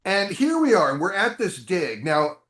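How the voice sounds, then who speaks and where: A man telling long stories as an interview guest, chatty and animated, with many asides. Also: high-pitched, normal speed. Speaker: interview guest, game designer. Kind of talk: storytelling interview answers. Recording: roomy echo.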